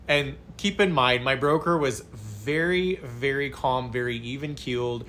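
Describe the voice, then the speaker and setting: Brief: storytime vlogger, man, animated retelling, bright forceful tone, faint hum behind. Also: mid-range voice, unhurried. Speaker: psychotherapist telling a story. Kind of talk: casual storytime vlog.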